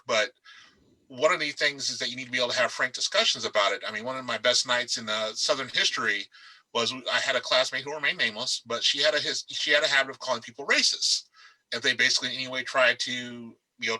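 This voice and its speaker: A man talking casually on an authors' panel from a darkened room over a video call, animated and emphatic, with frequent restarts. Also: medium pitch, low-quality recording.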